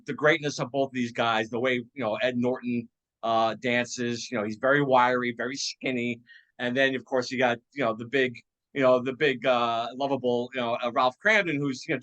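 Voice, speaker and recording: A man's voice: medium pitch, fairly bright tone, low-quality recording. A man hosting a casual chat about an old TV show, enthusiastic and laughing often, with many fillers. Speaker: podcast host.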